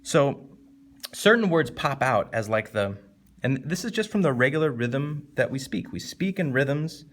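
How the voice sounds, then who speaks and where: A man teaches a casual literature lesson in an animated, conversational way. He jumps up in pitch suddenly to stress points and slows down to read poem lines deliberately.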